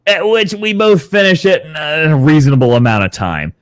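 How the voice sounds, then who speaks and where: A man, a guest on a podcast, telling a story casually, animated and swearing freely. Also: a little high, moderate pace, clear, resonant tone, dry recording, studio quality. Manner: animated, swears freely, acts out quoted dialogue. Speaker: podcast guest, content creator.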